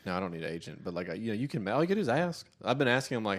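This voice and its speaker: A man's voice: on the low side, animated, rapid-fire, few pauses. A man in his thirties co-hosting a casual comedy podcast, rambling through stories and breaking into mocking voices. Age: 30s. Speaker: podcast co-host.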